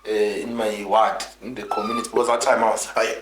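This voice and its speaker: This man, a South African guest politician, has a lowish voice with flat delivery and a brisk pace. He recounts his life in an interview, earnest and rambling with lots of restarts, over background noise and roomy echo.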